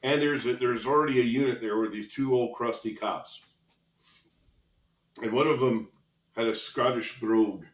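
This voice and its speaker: A man's voice: medium pitch, moderate pace, pauses often. Older man telling police stories, roomy sound. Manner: lively anecdotal storyteller, chuckles between lines. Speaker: retired police officer, guest. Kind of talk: storytelling in a podcast interview. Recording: roomy echo.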